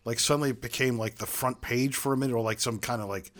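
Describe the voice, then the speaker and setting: A man's voice: medium pitch, steady tone, fast talker, fairly bright tone. A man co-hosting a casual film podcast, telling the plot in a loose, rambling way full of fillers. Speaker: podcast co-host. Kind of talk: casual film-review chat.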